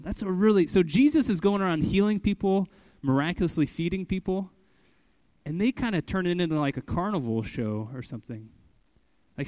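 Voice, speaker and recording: A young adult man, working as a pastor, teaches the Bible casually and conversationally, often saying "like" and "okay" and acting out quoted lines with animation. His voice is a little high and a little mellow, at a normal speed, with no room sound.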